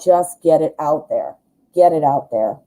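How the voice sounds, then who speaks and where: A woman's voice: sits low, lively intonation, measured pace, warm tone, low-quality recording. A woman giving a chatty live tarot reading, reassuring and thinking aloud with plenty of fillers. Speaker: tarot reader.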